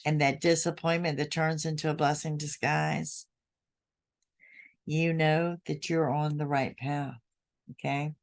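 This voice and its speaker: A woman's voice: deep voice, little pitch movement, a little slow, vocal fry. A woman hosting a psychic podcast, giving readings to her listeners in an emphatic way, often repeating her points. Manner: emphatic, repeats key words, addresses listeners directly.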